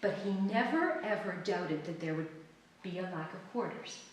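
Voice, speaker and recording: Middle-aged woman author, animated storyteller, distant mic in a very echoey room. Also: lowish voice, normal speed, slight background noise. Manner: animated, laughing, acts out quoted lines. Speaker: author giving a library talk. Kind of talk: storytelling talk to an audience. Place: library event room. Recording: roomy, distant mic with faint ambience.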